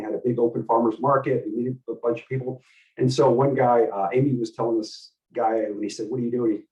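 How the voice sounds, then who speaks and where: A middle-aged man coaching a group in communication, animated and asking the group many questions. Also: mid-range voice, far from the mic, rough recording. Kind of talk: teaching a group session.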